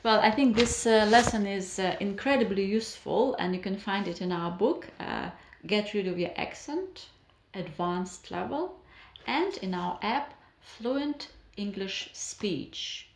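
A woman, a former student now co-hosting, talking in a lively way with frequent fillers. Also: mid-range voice, measured pace, gravelly. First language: Russian. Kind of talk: conversational lesson. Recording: roomy echo.

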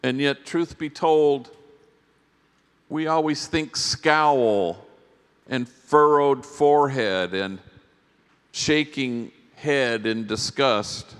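A man speaking in a mid-range voice with a slow, deliberate pace. He tells stories with reflective pauses, like a priest addressing a conference. His words carry the long reverb of a large hall. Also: mid-range voice, a bit bright, clean tone. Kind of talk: storytelling keynote talk.

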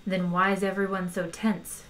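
A woman's voice: medium pitch, little pitch movement, moderate pace, fairly bright tone, lightly acted. A woman voicing a nervous, mild-mannered man in a storybook reading, hesitant and polite. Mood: uneasy.

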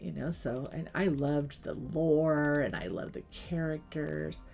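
A woman's voice: low voice, measured pace, vocal fry, darkish tone. A middle-aged woman streaming a game, chatting and telling stories between asides to the game. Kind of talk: casual gaming livestream chat.

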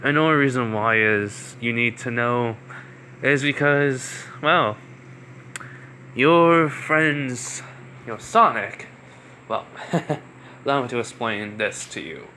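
Fan story: cool, aloof male hedgehog speedster, voiced by a man, bright-toned and dismissive. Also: mid-range voice, slow pace, pauses often, slight background noise.

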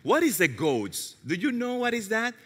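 A male pastor preaching a sermon with animated storytelling and self-mocking humor, sometimes dropping to a hushed low voice. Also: normal speed, slightly rough. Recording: long reverb of a large hall.

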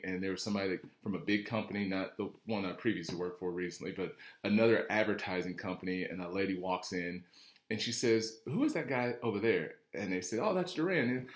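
A man's voice: sits low, roomy sound. A man, an automotive sales trainer, talking casually to camera in a rambling storytelling way, acting out what others said.

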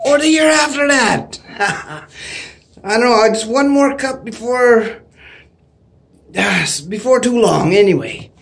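Excitable man with a lively high voice. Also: slow, gravelly, long pauses. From Canada. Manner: excitable, laughs a lot, whoops loudly. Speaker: vlogger. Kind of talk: excited casual vlog. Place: home, indoors.

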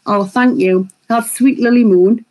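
A woman, chatting quickly while hosting a live makeup tutorial and reading viewer comments aloud. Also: on the high side, steady tone, darkish tone, poor audio. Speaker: beauty vlogger hosting a live stream.

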